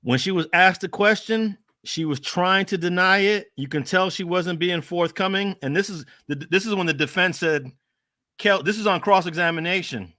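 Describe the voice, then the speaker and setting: A man on a live panel, recounting trial testimony in a measured, matter-of-fact way. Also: high voice, pushed and bright, dry recording, studio quality.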